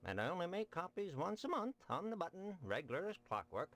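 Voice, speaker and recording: Man voicing fussy older shopkeeper, gravelly, lively pitch. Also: fairly quick, heavily acted.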